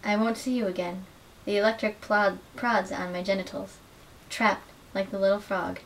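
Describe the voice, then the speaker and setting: A young adult woman giving an earnest, measured dramatic reading of literary excerpts as a student reader. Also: medium pitch, fairly even intonation. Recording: distant mic with faint hiss.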